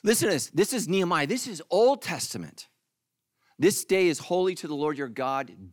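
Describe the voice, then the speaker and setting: Lively high-pitched man preaching. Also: normal speed, no room sound, clean studio sound. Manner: animated, joking, acts out the congregation in mock voices. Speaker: pastor. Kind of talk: sermon.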